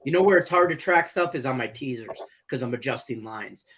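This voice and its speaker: A man's voice: medium pitch, animated, a little fast, a bit bright, slight background noise. A middle-aged man co-hosting a sports betting show, chatting in a laid-back, rambling, jokey way. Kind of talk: casual sports betting chat.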